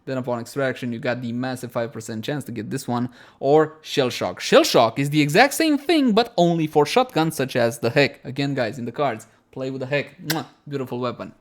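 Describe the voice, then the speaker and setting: A man's voice: medium pitch, a little fast, few pauses. A man narrating a gameplay guide over footage, chatty and self-mocking, talking to his viewers as friends. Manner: chatty and self-mocking, often breaking into laughter; addresses viewers as "my friends", animated. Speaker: game guide creator.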